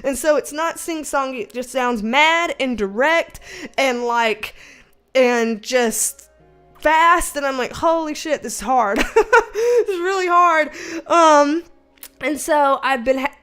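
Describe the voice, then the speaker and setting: Faint music plays behind a livestream host in her thirties who has a light Southern accent and comes from the American South. She chats casually and with animation, swearing and laughing through her stories. Her high voice is unhurried, clear and resonant.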